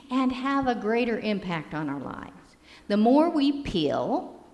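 A woman pastor giving a sermon in a measured, storytelling manner. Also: medium pitch, a little mellow. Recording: long reverb of a hall.

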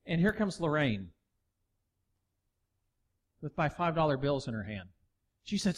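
A middle-aged pastor preaching a sermon, telling a story and acting out the dialogue before building to emphatic preaching. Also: male voice, on the high side, sing-song, unhurried, long pauses.

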